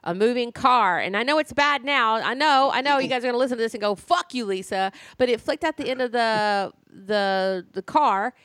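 A woman's voice: a little high, fairly quick, few pauses, fairly bright tone, dry recording. A woman from Alabama hosting a podcast in casual interview chat, blunt and swearing freely. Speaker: podcast host.

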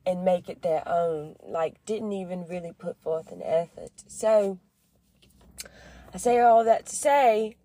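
A woman's voice: fairly low pitch, slow, warm tone, no room sound. Woman rambling and joking to her followers, slangy, dry close sound. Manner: chatty, slangy, rambling with asides. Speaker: vlogger and small business owner. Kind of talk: casual storytelling to followers.

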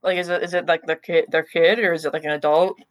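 A woman co-hosting a casual podcast review, offhand and a little halting, recorded remotely over a call. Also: on the low side, fairly even intonation, dry recording, rough recording. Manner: offhand, talks while chewing, with frequent ums and restarts. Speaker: podcast co-host.

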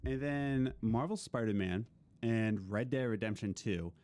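A young man co-hosting a casual chat, rambling excitedly with many restarts. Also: fairly low pitch, measured pace. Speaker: podcast co-host.

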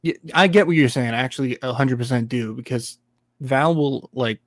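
A man's voice: mid-range voice, normal speed, no echo, clean studio sound. A man in a casual podcast chat, talking bluntly with cocky cursing.

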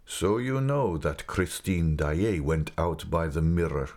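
A grave, secretive guide in an audiobook, slow and measured with a mournful weight, as a man reads him. His voice sits very low and unhurried. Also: lively intonation, a little mellow.

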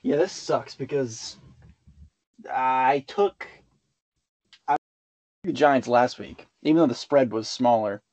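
A man of middle pitch co-hosts a sports betting podcast. He rambles through his picks and laughs often. His voice is recorded dry and close. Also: slow, pauses often, a little mellow, no echo. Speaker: podcast co-host. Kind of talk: casual sports betting chat.

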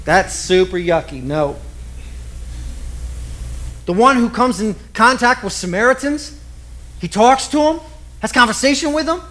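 A man preaching a sermon with lively storytelling, acting out the people he quotes. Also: very high-pitched, a little slow, long pauses. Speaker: pastor.

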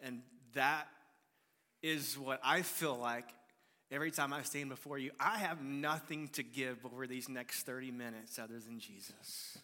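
A man's voice: mid-range voice, fairly even intonation, measured pace, sharp tone. A man preaching a sermon as pastor, folksy and playful with his congregation, speaking with a twang. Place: church sanctuary. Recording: long hall reverb.

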